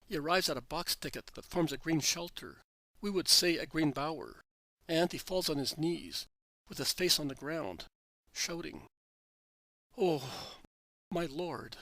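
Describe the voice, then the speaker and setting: Bright-voiced man reading scripture narration. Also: fairly high pitch, lively intonation, normal speed, dry recording, low-quality recording. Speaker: reader.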